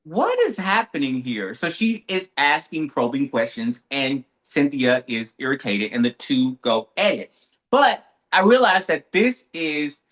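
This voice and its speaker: A man co-hosting a podcast, telling a story in lively, casual chat with quick asides. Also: mid-range voice. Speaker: podcast co-host.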